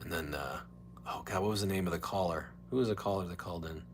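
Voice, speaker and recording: A man's voice: low-pitched, very animated, fast talker, a little hiss or hum. A man hosting a casual solo live stream, chatting in a rambling way and dropping into mock whispers and voices.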